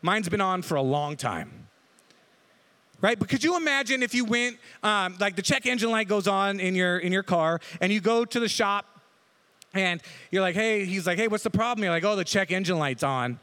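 A man's voice: high voice, lively intonation, normal speed, bright, forceful tone, clean tone. A man preaching a casual, joking sermon, often asking his listeners "right?" as he goes. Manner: conversational, jokey, asks the crowd "right?". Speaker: pastor.

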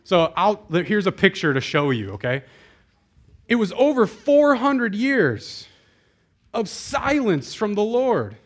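A man's voice: high-pitched, big pitch swings, slow. A man preaching a sermon as pastor, talking conversationally and speaking directly to the congregation. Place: church before a live congregation.

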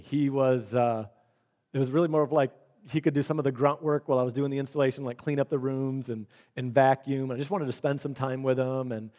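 A middle-aged man preaching a sermon, animated and storytelling, acting out the dialogue he quotes. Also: mid-range voice. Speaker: pastor.

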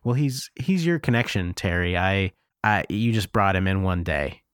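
A man's voice: low-pitched, expressive, normal speed, clean tone, dry recording, studio quality. A man from Scranton, Pennsylvania, co-hosting an improvised comedy podcast, teasing and needling his partner. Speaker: podcast co-host.

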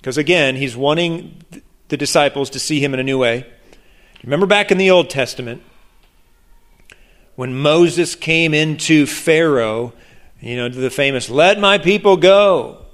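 A man preaching a sermon as pastor, animated, acting out the voices of the people he quotes, often restarting his sentences. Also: mid-range voice, normal speed, long pauses.

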